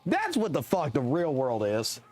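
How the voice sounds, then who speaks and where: A man streaming a game live, ranting with heavy swearing in an animated, excitable way. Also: on the high side, a little slow. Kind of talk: profane live stream rant while gaming.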